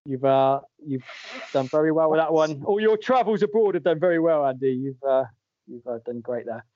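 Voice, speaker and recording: A man's voice: fairly high pitch, animated, moderate pace, dark tone, no echo. Jokey man hosting a quiz. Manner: jokey, laughs often while reading out answers. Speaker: podcast host and quizmaster. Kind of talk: casual podcast chat, running a quiz. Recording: dull lo-fi dry audio.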